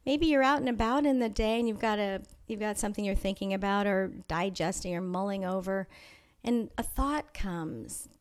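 A woman's voice: a little high, a little mellow. Thoughtful woman telling a personal story. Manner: thoughtful and measured, with frequent pauses and restarts. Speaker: interview guest. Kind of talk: reflective personal storytelling in conversation.

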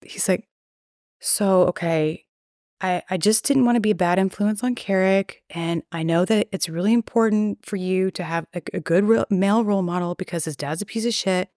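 A woman's voice: mid-range voice, moderate pace, mellow, dry recording, clean studio sound. A woman, a podcast guest telling a story casually, swearing freely and acting out the voices of the people in it. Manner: candid, profane, acts out quoted dialogue.

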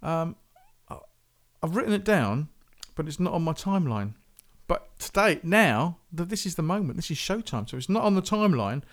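A man's voice: on the high side, very animated, moderate pace. A man hosting a music podcast, chatting casually and rambling. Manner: rambling, chatty, self-interrupting. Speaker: podcast host.

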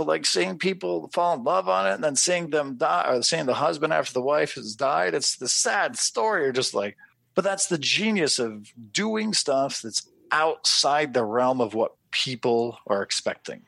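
Gravelly-voiced guy on a podcast, animated and sweary, acting out his reactions, dry close mic. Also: fairly high pitch, moderate pace, dry recording. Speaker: podcast co-host. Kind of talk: casual chat.

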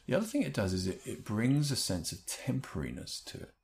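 A man giving an explanatory talk on handling stress, thoughtful, with lively rises in pitch and the odd restarted word. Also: fast, vocal fry. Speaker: speaker explaining a stress technique.

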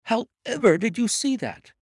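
A man reading an audiobook voices an excitable police inspector in a raised, exclaiming voice. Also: very high-pitched, moderate pace, husky, no echo, clean studio sound, pitched above the performer's own voice, full character voice. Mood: astonished. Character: excitable middle-aged male police inspector.

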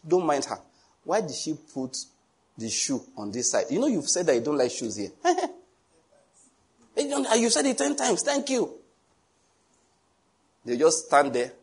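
A middle-aged male pastor delivers a sermon in a slightly high, husky voice. He preaches in a jovial, storytelling way, teasing and chuckling between points as he drives them home. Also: a little slow, pauses often. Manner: teasing, animated asides.

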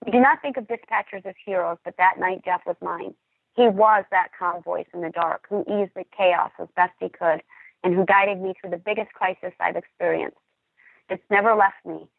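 A calm, earnest woman, a dispatcher, speaks on a podcast in a measured way. Her voice has a gravelly, fry-tinged edge. It comes through a thin, tinny, phone-like line in a dead, dry space. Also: on the low side, dry recording. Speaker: emergency dispatcher and podcast guest. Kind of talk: podcast talk, personal account.

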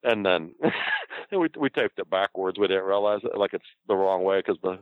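Low-voiced ex-wrestler man, laughing, swearing. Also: lively intonation, moderate pace, dry recording, phone-quality sound. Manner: laughs often, swears freely. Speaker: former pro wrestler, guest. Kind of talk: casual storytelling.

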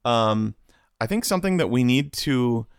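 A man's voice: medium pitch, animated, moderate pace, clear, resonant tone, no echo, studio quality. A man co-hosting a casual podcast chat, easygoing and calling his co-host "dude". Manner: easygoing, says "dude" a lot.

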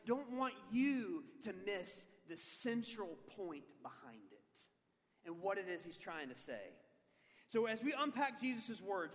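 A man preaching a sermon as pastor, telling an animated, self-deprecating story with humor. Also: sits high. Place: large church hall. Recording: long hall reverb.

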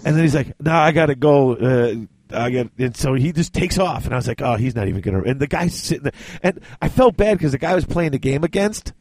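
A man's voice: mid-range voice, fast, hardly any pauses, slightly rough, dry recording. A man hosting a casual chat, telling a long story and acting out what others said. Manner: animated, acts out quoted dialogue. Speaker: podcast host.

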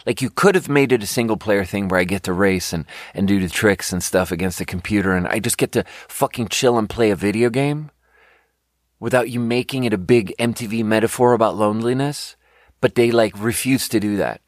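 A man's voice: lowish voice, fairly quick, dry recording, studio quality. A young adult man ranting in a casual podcast chat, exasperated and profane, rambling with many fillers. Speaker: podcast host. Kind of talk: casual rant.

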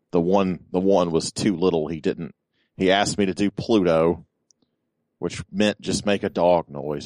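A young adult man co-hosting a podcast, trading dry, deadpan jokes in casual chat. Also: low voice, no room sound. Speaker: podcast co-host.

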